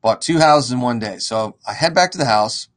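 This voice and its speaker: Man, real estate investor, animated storyteller, acts out the voices, mid-pitched. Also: moderate pace. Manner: animated, acts out quoted dialogue. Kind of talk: casual storytelling to an audience.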